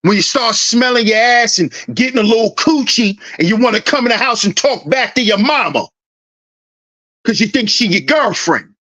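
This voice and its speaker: Speaking at a moderate pace, this man sounds high, animated, bright and forceful. On his commentary channel he delivers a preachy, heated rant, playing out confrontational scenes in the voice of a dad.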